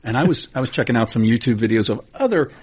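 A man co-hosting a casual podcast, joining in with friendly, quick banter. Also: mid-range voice, lively intonation, darkish tone, a little hiss or hum. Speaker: podcast co-host.

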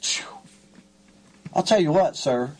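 A male talk show host speaking fervently and excitably, often repeating himself. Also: on the high side, takes it slowly. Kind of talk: emotional radio interview.

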